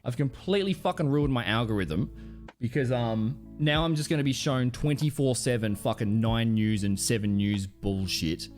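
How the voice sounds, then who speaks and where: A man's voice: mid-range voice, normal speed, darkish tone, soft background music. A man streaming live, chatting casually and reacting to clips, rambling, swearing and laughing often.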